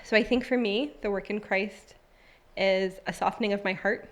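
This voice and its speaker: Speaking at normal speed with fairly even intonation, a woman in her thirties uses her mid-range voice to share a personal testimony at a church service. Her delivery is conversational and heartfelt, packed with fillers, and she goes on to read scripture aloud.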